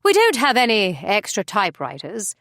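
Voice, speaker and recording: A woman voicing a measured, indulgent male book editor in a storybook reading. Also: medium pitch, huge pitch swings, a bit bright, dry recording, clean studio sound. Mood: matter-of-fact.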